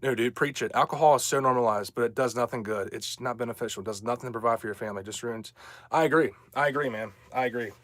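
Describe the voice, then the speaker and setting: A man's voice: medium pitch, fast talker, fairly bright tone, dry recording. A young man talks casually on his livestream, rambling from one point to the next as he answers viewers. His voice sits in a middle register and is recorded dry and close, with no room sound around it. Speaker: livestream host.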